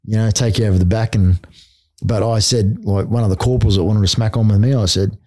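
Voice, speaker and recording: A man's voice: on the low side, steady tone, fast, darkish tone, no room sound, studio quality. A middle-aged Australian man and army veteran, telling stories in a casual podcast interview, blunt and full of swearing. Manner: blunt, heavy swearing, laughing between stories.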